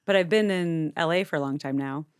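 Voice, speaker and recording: A woman from Miami with a neutral American accent and some vocal fry, a guest comedian trading dry, self-mocking jokes in a casual podcast chat. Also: sits low, brisk, no echo. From Miami, USA.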